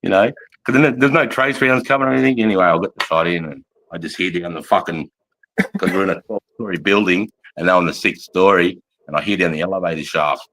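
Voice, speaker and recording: Aussie bloke in his 40s telling army stories, lowish voice, swears constantly, rambles, keeps laughing. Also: quick pace, fairly bright tone. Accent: Australian. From Australia. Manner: profane, rambling, laughs often. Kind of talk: casual storytelling chat.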